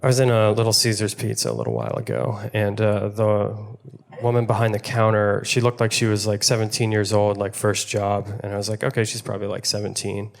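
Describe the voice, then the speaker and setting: A young man from Pittsburgh doing a stand-up comedy set, wry and deadpan. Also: on the low side, brisk, vocal fry. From Pittsburgh, USA.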